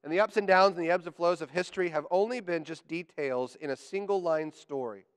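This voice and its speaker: A man preaching a sermon to a congregation, animated and joking, building up to emphatic declarations. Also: fairly high pitch, brisk, smooth. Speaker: pastor. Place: church sanctuary. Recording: church hall with long reverb.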